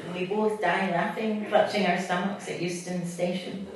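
A woman's voice: mid-range voice, fairly even intonation, normal speed, heavy background noise. A Scottish woman poet reading her poems to a live audience, with chatty asides between them. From Scotland. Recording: distant mic in an echoey hall.

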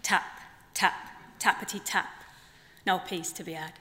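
A woman's voice: fairly even intonation, measured pace, pushed and bright. A woman voicing a grumbling grandma flamingo, Black Country accent. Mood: weary. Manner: low, dry, grumbling delivery. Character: weary grandma flamingo, tart and resigned. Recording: long hall reverb.

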